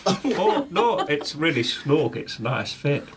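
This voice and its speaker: Lively man tabletop player. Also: a little high, takes it slowly, over a noisy crowd. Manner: eager, animated. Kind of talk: casual tabletop play.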